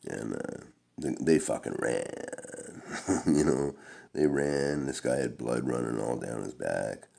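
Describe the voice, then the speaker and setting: A man's voice: very deep voice, slow, vocal fry, dark tone. A middle-aged man telling a long-winded, profane personal story in a laid-back, rambling way. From Canada.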